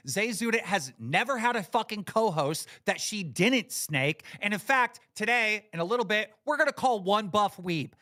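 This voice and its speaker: A man's voice: high-pitched, lively intonation, normal speed, hardly any pauses, bright, forceful tone. A man hosting a livestream, delivering an angry, profane, emphatic rant. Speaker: livestream host.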